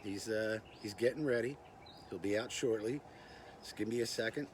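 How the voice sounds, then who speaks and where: A man's voice: fairly low pitch, normal speed, a little hiss or hum. An older man hosting a casual knife and gear review vlog, chatty and self-deprecating with lots of "uh" and "anyway.". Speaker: knife review channel host.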